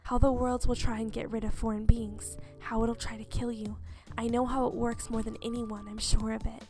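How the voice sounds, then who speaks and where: A woman reading a game's gentle, protective young male lead in a breathy, hushed whisper. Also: on the high side, little pitch movement, normal speed, over music, natural voice. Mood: grave. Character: gentle protective young man, anxious and tender.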